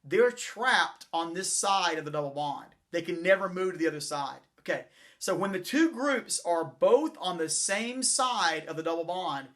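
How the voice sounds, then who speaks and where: A man's voice: high voice, lively intonation, moderate pace, fairly bright tone. Rambling male chemistry teacher. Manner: rambling, self-correcting, talks while building models. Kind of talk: classroom lecture with chalkboard and models.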